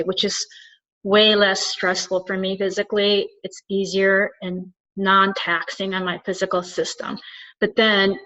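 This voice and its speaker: Speaking at a measured pace with a flat, pushed, bright medium-pitched voice, a spiritual channeler and soul coach talks earnestly to the camera. She reflects aloud by herself in a dull lo-fi recording.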